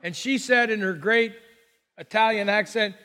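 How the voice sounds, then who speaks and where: A pastor preaching a sermon in a conversational storytelling manner, asking the congregation questions. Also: male voice, high-pitched, moderate pace, sharp tone, in a large hall.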